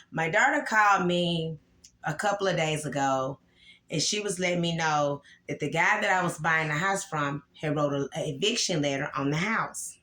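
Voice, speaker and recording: Woman, 40s, angry vlog rant, bright tone, echoey room. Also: low voice. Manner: emotional, repetitive, upset and angry. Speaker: vlogger. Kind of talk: casual vlog venting to viewers.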